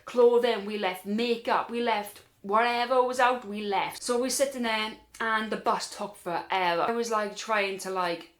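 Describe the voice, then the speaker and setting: A woman's voice: mid-range voice, measured pace, few pauses. Chatty woman telling a story. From Wales. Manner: animated, acts out other people's lines in put-on voices. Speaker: storyteller vlogger. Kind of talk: casual storytelling.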